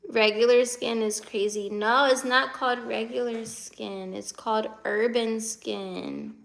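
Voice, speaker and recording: Slow-talking young woman with vocal fry. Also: a little high, steady tone, a bit bright. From United States. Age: 20s. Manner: chatty, answers comments as they come in, laughs often. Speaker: live-stream host. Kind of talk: casual live-stream chat, reading viewer comments.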